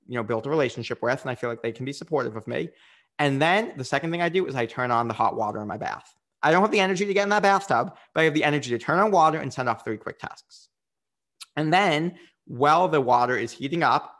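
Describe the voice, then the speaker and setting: Guy coach chatting earnestly in an interview, lots of um's, thinking out loud, middle pitch. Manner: earnest and reflective, with frequent fillers. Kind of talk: candid interview conversation.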